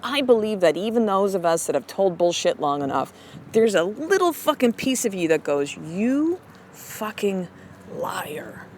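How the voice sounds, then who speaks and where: A woman's voice: medium pitch, sing-song, a little mellow, slight background noise. A woman in her thirties, a mother hosting her show, giving a blunt, profane motivational talk. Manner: blunt, profane, fast and emphatic. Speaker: podcast host and mother. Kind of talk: motivational monologue.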